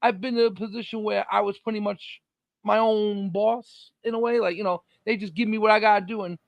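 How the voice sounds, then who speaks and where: A New man talks in a high, bright-pitched voice, with a dry close sound and no room around it. He co-hosts a casual podcast chat and tells stories animatedly, playing out both sides of each exchange he quotes. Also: steady tone, brisk, vocal fry, dry recording, highs cut off. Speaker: podcast co-host.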